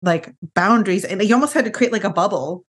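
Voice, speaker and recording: A woman's voice: medium pitch, quick pace, slightly rough. A middle-aged woman hosting a podcast, speaking in an affirming, emphatic conversational manner. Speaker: podcast host. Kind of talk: casual interview chat.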